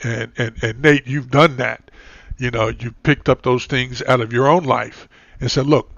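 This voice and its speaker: A man hosting a talk show over an online call, chatty and full of "you know"s, his voice a little hoarse. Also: mid-range voice, steady tone, measured pace, a bit bright, no echo, dull audio. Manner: chatty, many filler "you know"s and restarts. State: losing his voice, clearing throat. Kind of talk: casual talk show conversation.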